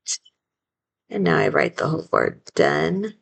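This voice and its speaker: A woman teacher giving a phonics lesson, slowly sounding out each word syllable by syllable and modeling the spelling aloud. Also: on the low side, very animated, creaky, husky. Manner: slow and deliberate, sounding out syllables.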